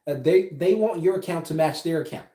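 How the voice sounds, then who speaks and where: Man, motivational business coach, emphatic, rhetorical questions, slightly high voice, echoey room. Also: brisk, mellow. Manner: emphatic, asks rhetorical questions and says "right?". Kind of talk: motivational talk to camera.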